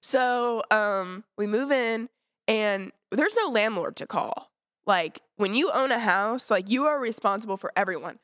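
A woman's voice: medium pitch, lively intonation, unhurried, fairly bright tone, no echo, studio quality. A woman hosting a podcast, chatting casually, rambling and swearing freely. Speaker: podcast host.

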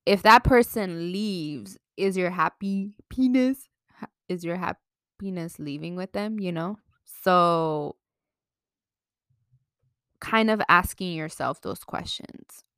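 Young woman, bilingual vlogger, frank and chatty with a fairly low voice, recorded dry and close. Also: slow, a bit bright, smooth, no echo. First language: bilingual, slips into Mexican Spanish. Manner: chatty, frank, swears freely, laughs at herself. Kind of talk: casual advice talk to camera.

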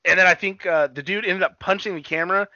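A man co-hosting a casual chat, retelling things in a rambling, profane, animated way. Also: high-pitched, fast talker, no echo, muffled recording. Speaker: podcast co-host.

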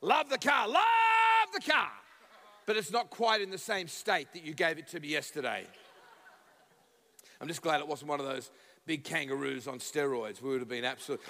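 An Australian man preaching as a guest speaker, telling funny stories and acting out the dialogue with sudden shouts. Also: a little high, fairly quick, gravelly, big-room sound. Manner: animated, acts out dialogue, bursts into shouts. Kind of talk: humorous sermon storytelling. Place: church sanctuary.

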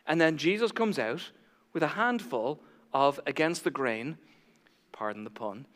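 Animated high-voiced male preacher, hall reverb. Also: unhurried. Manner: animated, acts out voices of critics, swings between loud and hushed. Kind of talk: sermon.

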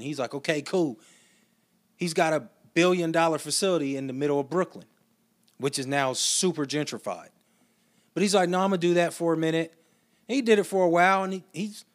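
A man talking through a casual solo podcast with a voice pitched a little above the usual. His delivery is loose and chatty, full of slang and side remarks as he tells a story. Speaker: podcast host.

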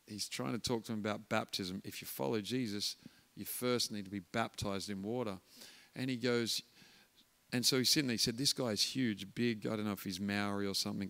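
A man's voice: fairly low pitch, fairly bright tone. A man preaching a guest sermon, telling a story and acting out the voices of its characters. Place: church hall. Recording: church hall reverb.

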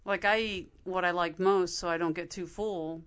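Teasing woman co-host, lowish voice. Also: fairly even intonation, fairly bright tone, smooth. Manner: teasing, quick to contradict. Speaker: podcast co-host. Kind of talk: casual chat.

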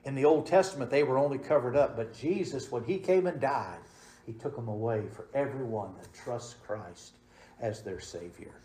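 A man preaching a sermon as pastor, swinging between loud, emphatic passages and soft, hushed ones. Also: medium pitch, normal speed. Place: church sanctuary. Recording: roomy church echo.

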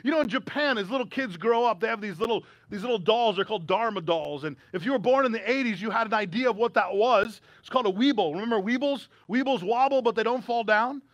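A man's voice: high-pitched, fast talker, few pauses, no echo. A male American pastor preaching a sermon in a conversational way, with humorous asides, during a streamed church service. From United States.

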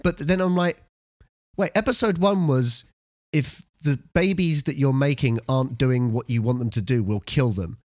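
Male podcast co-host, animated, stumbles and repeats, dry sound. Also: medium pitch, normal speed, no echo. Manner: animated, repeats words while thinking. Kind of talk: casual chat.

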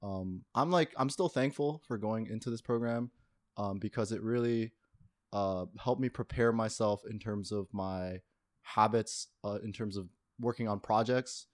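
This university student has a lowish, darkish voice and speaks a little slowly. Appearing on a podcast as a young adult guest, he's casual and thoughtful in conversation, frequently hedging his points.

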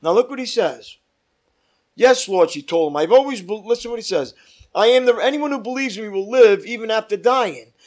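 A man leading a Bible study as pastor, reading scripture aloud with emphatic rises and dropping to quiet asides. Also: sits high, expressive, a little fast.

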